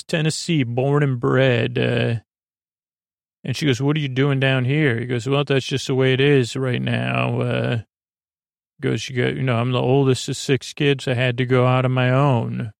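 A man's voice: mid-range voice, level tone, moderate pace, gravelly, no room sound, clean studio sound. A man hosting a sleep podcast, loosely retelling an episode with lots of filler and restarts. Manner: meandering, many filler ums and restarts. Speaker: podcast host. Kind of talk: rambling episode recap for sleep.

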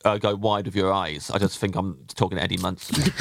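Playful English man, gravelly voice. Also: deep voice, steady tone, brisk, background noise. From England. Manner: joking, playful, repeats words. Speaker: podcast co-host. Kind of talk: casual podcast chat.

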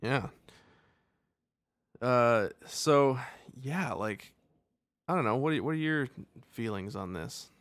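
A man's voice: medium pitch, lively intonation, slow pace, long pauses, a bit bright, dry recording, clean studio sound. A man co-hosting a podcast, rambling casually about a movie, laughing often and acting out silly quotes. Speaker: podcast co-host. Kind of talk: casual movie review chat.

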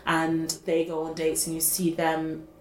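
Woman gabbing on a podcast, lowish voice, echoey room. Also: monotone, unhurried. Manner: gushing, chatty, fillers like "like" and "oh my God". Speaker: podcast co-host. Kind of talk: casual chat. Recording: roomy echo, faint background hiss.

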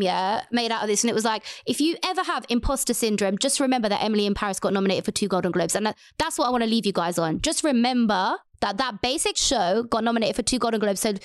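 A woman's voice: a little high, expressive, fast, dry recording, clean studio sound. A young woman co-hosting a casual podcast, ranting heatedly and swearing often. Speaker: podcast co-host.

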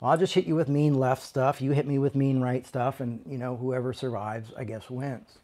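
A man, a pastor, talking candidly and conversationally, often trailing into "you know" and restarting his sentences, moving between quiet reflection and sudden raised emphasis. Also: mid-range voice, fairly even intonation, normal speed. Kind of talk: candid personal talk.

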